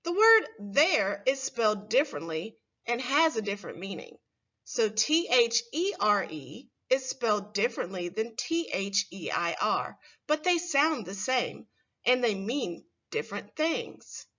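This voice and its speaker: A woman teaching a first grade phonics lesson, speaking slowly and clearly and stretching words for young children. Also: medium pitch, sing-song, pushed and bright, dull audio.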